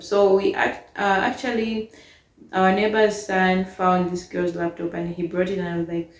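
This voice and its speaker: A young woman casually telling a storytime about a bad housemate, animated and exasperated as she retells it. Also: medium pitch, moderate pace, echoey room.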